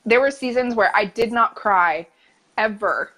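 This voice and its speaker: A woman's voice: fairly high pitch, a little slow, bright, forceful tone, low-quality recording. A woman hosts a casual podcast conversation. She talks earnestly and reflectively, thinking aloud about her own experiences. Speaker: podcast host.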